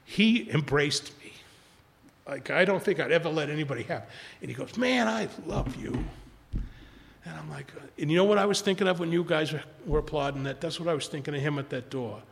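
A man telling his recovery story to a large audience, rambling with many restarts, speaking quietly and rising when he urges the crowd. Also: on the high side, fast, slight background noise. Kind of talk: personal testimony talk. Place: large hall before an audience. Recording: long hall reverb, gravelly.

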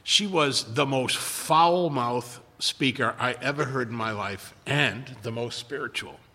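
An older man talks through his recovery a little slowly, his medium-pitched voice carrying a sharp tone. He rambles, stumbles over words and restarts often, with long hall reverb on the recording.

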